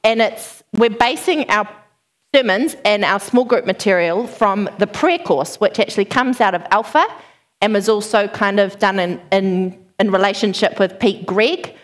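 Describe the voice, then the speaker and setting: A woman in her thirties giving a sermon, opening with a chatty, animated personal story and frequent laughter. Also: medium pitch, normal speed. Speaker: preacher.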